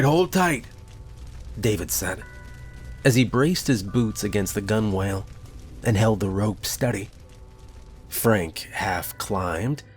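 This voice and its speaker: Slow, low-voiced male horror narrator. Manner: slow, measured storytelling.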